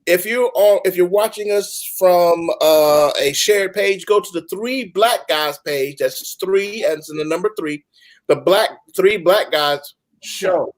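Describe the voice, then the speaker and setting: High-voiced man hosting a casual show. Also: measured pace. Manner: relaxed, informal, calls on guests. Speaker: host. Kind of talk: hosting a casual panel talk.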